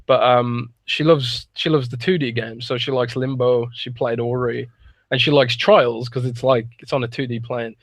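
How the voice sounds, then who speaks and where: A man's voice: mid-range voice, steady tone, moderate pace, dry recording. A man co-hosting a casual gaming podcast, talking in an easygoing, rambling way. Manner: easygoing, rambling, laughs often. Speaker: podcast co-host.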